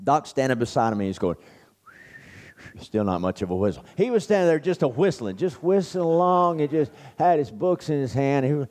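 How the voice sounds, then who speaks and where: Warm, folksy man preaching a sermon. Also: medium pitch, animated, fairly quick. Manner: folksy and anecdotal, with many fillers. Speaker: speaker at a men's church camp. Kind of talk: storytelling sermon.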